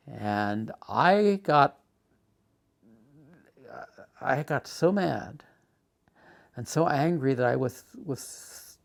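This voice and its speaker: An older man recounting his life story in a halting, emotional way, acting out old arguments loudly. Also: mid-range voice, lively intonation, gravelly.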